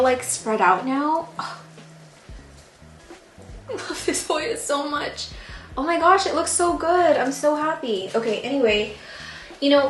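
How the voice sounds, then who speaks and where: A woman's voice: fairly high pitch, a little hiss or hum. A tipsy young woman telling a story animatedly at home, full of "like", while she repots plants. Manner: animated, filler-heavy "like" storytelling. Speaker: plant vlogger. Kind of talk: casual storytelling. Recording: echoey room with background music.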